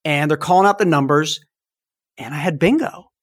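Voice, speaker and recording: A man in his fifties hosting a podcast, telling childhood stories in a casual, animated way. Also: fairly high pitch, normal speed. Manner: animated storytelling, acts out toy sounds. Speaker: podcast host. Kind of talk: casual chat.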